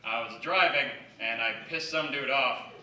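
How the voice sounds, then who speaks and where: A man from the Yukon doing a conversational, self-deprecating stand-up set on a theatre stage, slipping into quick acted quotes. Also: medium pitch, bright, forceful tone. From Yukon, Canada. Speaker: stand-up comedian. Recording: echoey theatre, mic at a distance.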